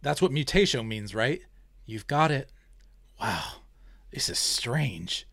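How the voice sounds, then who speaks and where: A man's voice: medium pitch, sing-song, slow, gravelly, fairly bright tone, no echo, clean studio sound, heavily acted. Man voicing an awed, polite young man.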